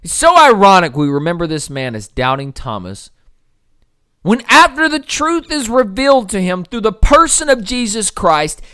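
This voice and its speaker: A young man delivering a sermon, pressing hard on key words and then dropping low and quiet, stretching important words out slowly for weight. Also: sing-song, clear, resonant tone, dry recording, studio quality. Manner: swings from loud emphatic peaks to low quiet passages. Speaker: preacher.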